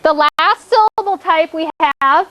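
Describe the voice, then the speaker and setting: Her pitch is extremely high and her tone sharp as she moves a little slowly through a children's spelling lesson. This elementary teacher lays out instructions one step at a time, often pausing to ask "okay?"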